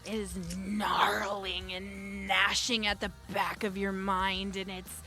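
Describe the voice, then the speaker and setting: A woman's voice: medium pitch, little pitch movement, takes it slowly, hardly any pauses, sharp tone, faint music behind. A woman running a tabletop game as game master, narrating playfully, laughing often, and swearing in mock outrage.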